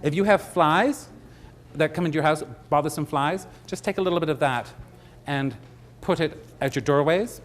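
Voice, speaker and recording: A man's voice: fairly high pitch, moderate pace. Chatty man demonstrating flowers. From Canada. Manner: chatty and joking, teasing the audience. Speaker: floral design demonstrator. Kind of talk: live demonstration to an audience.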